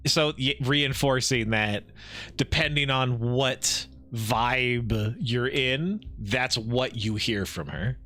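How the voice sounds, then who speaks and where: A man streaming a game live, reading the dialogue aloud with quick asides and frequent laughs. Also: mid-range voice, expressive, bright, forceful tone.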